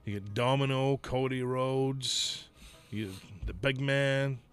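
A man's voice: medium pitch, slow pace, clean tone. Swearing, laughing man telling stories. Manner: profane, laughs often, storytelling. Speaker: podcast host, former wrestler. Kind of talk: casual chat.

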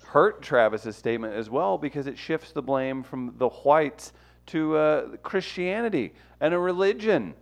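A man's voice: a little high, lively intonation, unhurried, gravelly. A man bantering and teasing his co-hosts on a casual podcast. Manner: joking, teasing, laughs often. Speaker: podcast co-host and contestant.

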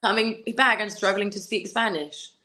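A pageant contestant in her twenties with a Gibraltarian accent chats as a guest in a casual interview, laughing as she tells stories. Her mid-range voice is pushed and bright, with fairly even intonation and a normal speed, and there's slight background noise.

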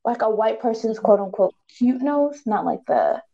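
A woman's voice: a little high, lively intonation, normal speed, dark tone, highs cut off. A woman in casual conversation, thinking aloud with many fillers and restarts. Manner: thoughtful, hesitant, many fillers.

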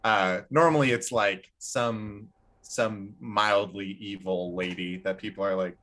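A man co-hosting a podcast and chatting casually as a game master, halting with frequent restarts and filler words. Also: on the low side, fairly even intonation, a bit bright. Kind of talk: casual chat.

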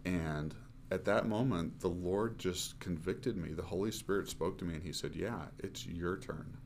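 Male missionary guest, 50s, deep voice, earnest halting storyteller. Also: a little mellow, a little hiss or hum. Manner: earnest, halting with fillers and restarts. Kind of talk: conversational storytelling.

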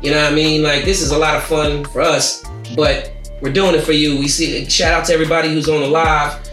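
A man's voice: a little high, flat delivery, brisk, fairly bright tone. A man hosting a podcast, talking loosely and jokingly with his guests. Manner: loose and joking, talks over others. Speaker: podcast host. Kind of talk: casual podcast chat. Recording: roomy sound from a distant mic with music.

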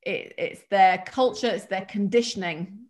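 A woman with a mild English accent, a guest telling work stories in a chatty, animated way. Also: mid-range voice, measured pace. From England. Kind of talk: casual storytelling.

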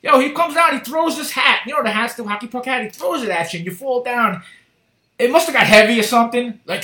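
A man hosting a podcast, telling stories in an animated, profane way. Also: extremely high pitch, quick pace, echoey room. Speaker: podcast host. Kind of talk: casual chat.

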